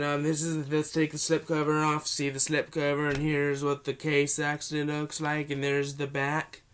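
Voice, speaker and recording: Young guy with a cold rambling thru a movie review, smooth voice, kinda flat. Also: on the high side. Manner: rambling, restarts, excited gushing. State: has a cold.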